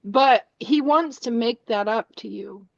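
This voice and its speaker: A woman working as a psychic medium, speaking gently and hesitantly with many restarts during a spiritual reading. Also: on the high side, unhurried, gravelly, no echo. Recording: dull lo-fi sound.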